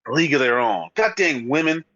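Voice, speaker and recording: A man co-hosting a casual podcast, thinking out loud and hedging his guesses. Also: fairly high pitch, animated, fast, dry recording, muffled recording. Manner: thinks aloud, hesitant guesses. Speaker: podcast co-host. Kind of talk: casual chat.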